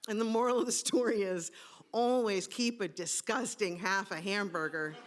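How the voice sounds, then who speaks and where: A woman's voice: medium pitch, normal speed. A woman telling a personal story on stage in a wry, comic way, sometimes searching for words mid-sentence. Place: stage at a live storytelling event.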